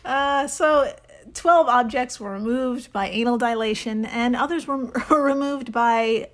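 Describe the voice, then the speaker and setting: A woman's voice: a little high, takes it slowly. A woman co-hosting a casual podcast, giggling often as she talks. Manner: giggly, laughs often while reading. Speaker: podcast co-host.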